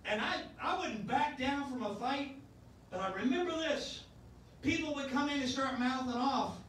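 A man's voice: extremely high pitch, normal speed, a bit bright, slight background noise. Pastor, man in his sixties, folksy sermon delivery, sounds far from the mic in an echoey church. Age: 60s. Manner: folksy preaching with repeated restarts. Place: church sanctuary.

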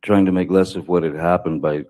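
A man giving courtroom testimony as a witness, speaking haltingly with many restarts and fillers. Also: sits low, fairly even intonation, dark tone, slight background noise. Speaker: trial witness.

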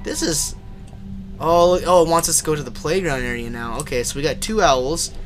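A man's voice: a little high, normal speed, soft background music. A young man live-streaming a horror game, swearing, yelping in fright and chatting to his viewers. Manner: jumpy, swears and yelps in fright, then chats to viewers.

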